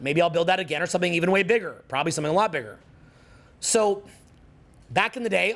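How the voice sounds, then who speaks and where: A middle-aged social skills coach with a Canadian accent gives an emphatic motivational seminar talk, often repeating phrases for effect. His voice is fairly high in pitch and a bit bright.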